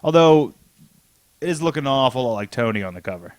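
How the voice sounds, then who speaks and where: A man's voice: medium pitch, expressive, fast, no echo. A man co-hosting a casual comics podcast, retelling a story in a loose, rambling way and acting out the lines in his own voice. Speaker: podcast co-host. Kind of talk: casual chat about comics.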